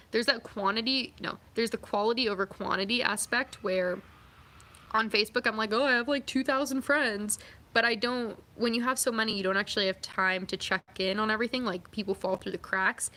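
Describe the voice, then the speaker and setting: A woman's voice: medium pitch, bright, forceful tone. A young woman vlogging, chatting casually and reading out viewer comments, upbeat and full of fillers. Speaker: vlogger and athlete.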